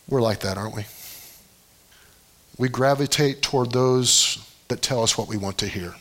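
A man preaching a sermon as pastor, in a conversational storytelling way, often pushing his voice up high to stress a point. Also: moderate pace, long pauses, a bit bright.

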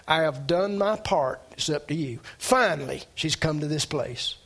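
A man preaching a sermon in a notably high, light voice. He talks to the congregation in a plain conversational way, restarting phrases. He lifts his pitch sharply when he stresses a point. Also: normal speed, a bit bright. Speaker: pastor.

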